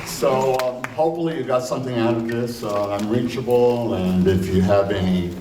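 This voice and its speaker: A man giving a conversational conference lecture, full of fillers and slowing to stress points. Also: mid-range voice, warm tone. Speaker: conference speaker. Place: conference hall. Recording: roomy hall, distant mic, faint noise.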